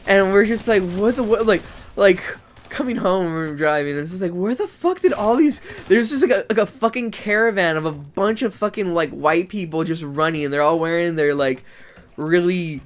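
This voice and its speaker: Man from the States, somewhat high voice, rambling profane vlog rant, constant "like" fillers. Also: normal speed. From United States. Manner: rambling and profane, heavy use of "like". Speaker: vlogger. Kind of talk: casual rant.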